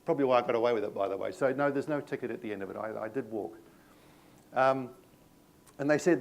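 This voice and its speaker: A man's voice: medium pitch, fast, creaky, pauses often. A middle-aged man from New Zealand with a New Zealand accent, leading a live training session in a chatty way, telling stories with dry humour. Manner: conversational, anecdotal, self-deprecating humour. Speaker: workshop presenter.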